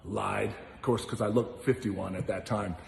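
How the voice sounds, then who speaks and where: A man's voice: fairly low pitch, steady tone, normal speed, vocal fry, darkish tone. A man casually telling an anecdote as a guest, acting out other people's lines and swearing freely. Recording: roomy hall with long reverb.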